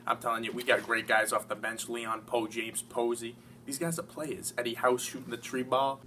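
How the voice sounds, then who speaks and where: A man from Massachusetts talking as an interviewed sports fan, rambling, profane and excitable. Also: medium pitch, normal speed, a little hiss or hum. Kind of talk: casual mock interview. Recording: distant mic with faint ambience.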